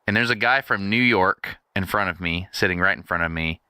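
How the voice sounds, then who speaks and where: A man's voice: deep voice, a little fast, clear, resonant tone, no echo. A man co-hosting a podcast, telling a story in casual chat, laughing a lot and acting out what people said. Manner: lively, laughs a lot, acts out quotes. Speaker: podcast co-host.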